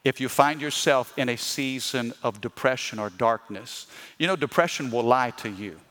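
A male pastor preaching a sermon, swinging between loud emphatic bursts and slow hushed lines and calling the congregation for amens. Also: mid-range voice. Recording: long reverb of a large hall.

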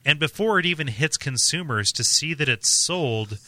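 A podcast host chats casually, rambling along with heavy use of "like" and frequent restarts. His voice is fairly high, animated and bright with a forceful tone, at a moderate pace. No room sound is present.

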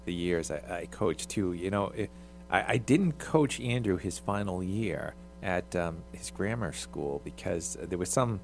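A middle-aged man who coached youth basketball, chatting casually and haltingly with many restarts. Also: deep voice, expressive, slight background noise. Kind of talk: casual podcast chat.

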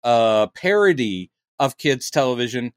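Podcast co-host, man, animated storyteller who acts out lines, dry close mic. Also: medium pitch, a little slow, dry recording. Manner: animated storytelling, acting out quotes. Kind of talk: casual chat.

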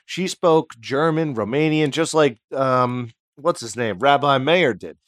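Man, podcast co-host, casual storytelling, jokey, middle pitch, dry close mic. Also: animated, measured pace, fairly bright tone, dry recording. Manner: jokey, drops into silly put-on voices.

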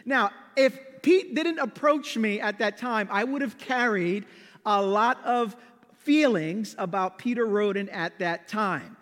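A man in his thirties, a pastor, telling a story in a sermon with an animated, self-deprecating manner. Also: high-pitched, a little slow, in a large hall.

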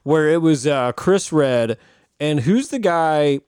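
A man hosting a casual movie podcast, joking and slipping into quick impressions. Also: on the high side, slight background noise. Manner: animated, jokey, quick impressions. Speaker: podcast host.

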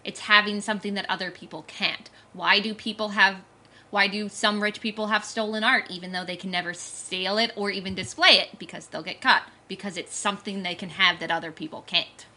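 Very bright-voiced woman arguing a point. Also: medium pitch, steady tone. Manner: assertive, argumentative, quick to laugh. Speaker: podcast co-host. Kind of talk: casual movie discussion.

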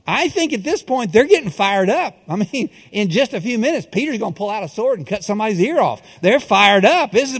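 A man preaching a sermon as pastor, folksy and animated, slipping into a coach's pep-talk manner. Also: sits high, normal speed, few pauses. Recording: long hall reverb.

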